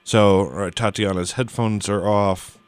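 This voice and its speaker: A man's voice: fairly low pitch, steady tone, unhurried, clean tone, dry recording. A man hosting a radio show in a studio, ranting bluntly and grumbling in casual banter. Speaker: radio host.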